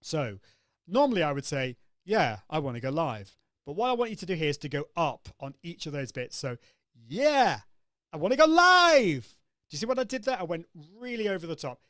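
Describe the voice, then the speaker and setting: A man's voice: on the high side, very animated, fairly quick, no echo, clean studio sound. A man hosting a live online coaching session, upbeat and demonstrative, acting out vocal exercises as he explains them. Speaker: host.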